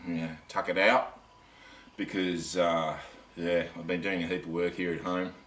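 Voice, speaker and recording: A man's voice: low voice, flat delivery, a little slow, a bit bright. A tired man with an Australian accent chatting casually to camera, rambling and cutting himself off. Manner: rambling, self-interrupting, chatty. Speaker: camping vlogger. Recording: echoey and distant with faint ambient noise.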